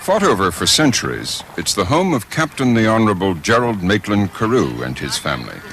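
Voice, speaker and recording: A man narrating a documentary in a measured, scripted way. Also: fairly low pitch, big pitch swings, noisy background.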